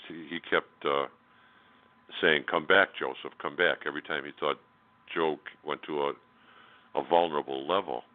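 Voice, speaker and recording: A man telling a personal story as a radio interview guest, in a candid, blunt way with many fillers and restarts. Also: rumbling low. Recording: tinny phone line.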